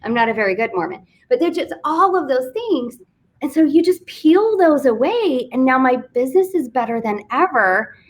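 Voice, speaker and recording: Her voice sits high and very animated at a normal speed as this Fort Worth, Texas author and business coach tells a candid story at her own expense. It's a casual interview on a live online video stream.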